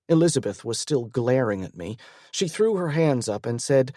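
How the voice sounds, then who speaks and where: A man narrating a romance audiobook in the first person, in a measured, intimate storytelling manner. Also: medium pitch, animated, dark tone, no room sound, studio quality.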